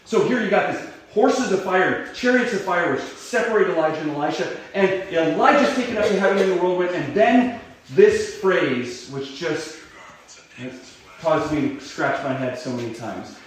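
A man's voice: high voice, lively intonation, moderate pace. A male pastor preaching a sermon in a loose, conversational way, with many fillers and restarts, rising sharply when he voices dramatic cries. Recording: very echoey room, voice far from mic.

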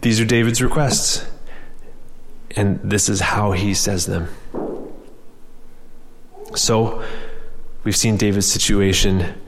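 A man's voice: fairly low pitch, steady tone, slow, pauses often, a little hiss or hum. Man preaching in a reverberant hall. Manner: earnest, direct, frequent restarts and repeated words. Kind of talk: sermon.

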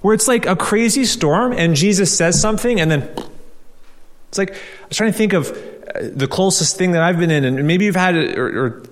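A man's voice: sits high, moderate pace. Guy preaching a sermon, chatty, keeps asking the crowd questions, big echoey church hall. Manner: conversational preaching, rhetorical questions, repeats key phrases. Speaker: pastor. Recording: long hall reverb.

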